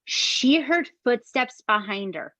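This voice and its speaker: A woman, co-hosting a podcast and retelling a true crime story in an animated, casual way that includes swearing. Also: a little high, slow pace, dry recording. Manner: animated, swears, addresses listeners as "you guys". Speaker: podcast co-host.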